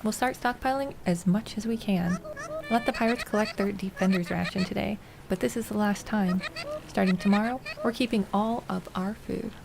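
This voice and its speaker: A woman's voice: medium pitch, moderate pace, vocal fry, close to an everyday voice. A woman reading the lines of a young male village leader as he rallies his villagers in a commanding tone. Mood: rallying. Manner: rousing, commanding, reading game dialogue. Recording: noisy home recording.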